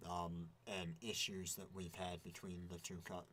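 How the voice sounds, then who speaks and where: A man's voice: sits low, little pitch movement, unhurried, a bit bright, slight background noise. A man chatting casually on a podcast, rambling with many restarts and fillers. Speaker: podcast co-host. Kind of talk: casual chat. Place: indoor podcast recording.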